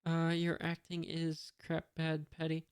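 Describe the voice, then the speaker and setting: A reader voicing a young male ship's cook while reading a comic aloud, slow and even, with no real change of voice. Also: mid-range voice, clean tone, lightly acted. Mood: resolute. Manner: reads the lines slowly and evenly, with no real change of voice.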